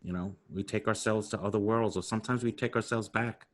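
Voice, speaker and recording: A man's voice: on the low side, steady tone, a little fast. A man in his sixties with a New York accent hosting a podcast interview, chatting in a rambling way and laughing easily. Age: 60s. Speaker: podcast host. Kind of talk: casual interview chat.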